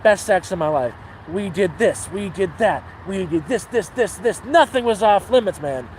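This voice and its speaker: A man's voice: high-pitched, lively intonation, moderate pace, a little mellow, slight background noise, poor audio. A man voicing a boastful hobo telling his buddy a story.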